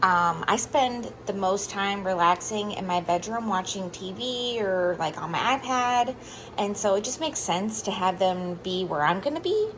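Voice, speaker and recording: A woman chatting casually to camera in a home vlog, excitable and chatty, talking to viewers like friends. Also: mid-range voice, unhurried, background noise. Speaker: vlogger.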